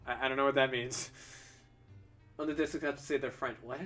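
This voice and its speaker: A man's voice: mid-range voice, fairly even intonation, brisk, a bit bright, faint music behind. A young man, a streaming artist, chatting casually and rambling while he draws. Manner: chatty, rambling, self-interrupting.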